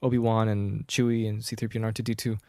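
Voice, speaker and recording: A man co-hosting a casual podcast, retelling a film scene by scene with quick voices for the characters. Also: on the low side, little pitch movement, mellow, dry recording, clean studio sound. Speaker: podcast co-host. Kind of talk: casual chat.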